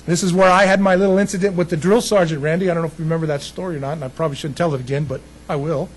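A middle-aged male pastor preaching casually, telling a story with folksy, animated humor. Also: on the high side, very fast, a little hiss or hum, rough recording. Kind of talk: casual sermon with personal story.

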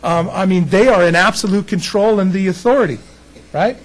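A middle-aged male pastor preaching casually, telling a story with folksy, animated humor. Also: sits high, a little fast, rough recording. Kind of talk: casual sermon with personal story.

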